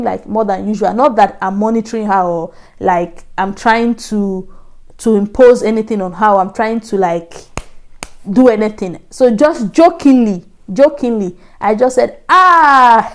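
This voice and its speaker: A woman's voice: mid-range voice, dark tone. Chatty woman vlogger. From Nigeria. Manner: chatty, repetitive, laughing asides. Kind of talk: casual storytelling to camera.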